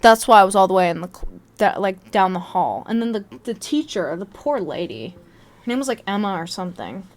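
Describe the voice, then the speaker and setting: Animated, profane young woman telling a story. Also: medium pitch, a little fast. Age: young adult. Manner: profane, animated and self-mocking. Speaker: vlog host. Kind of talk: casual storytelling.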